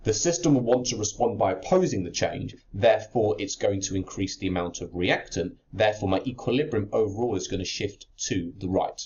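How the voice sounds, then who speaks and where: A man's voice: on the low side, a little fast, hardly any pauses, a little mellow. A man teaching chemistry exam technique, explaining step by step while he writes out a worked answer. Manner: explains step by step while writing, with fillers and restarts. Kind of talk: exam-prep lesson walking through a worked answer. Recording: slightly dull lo-fi audio.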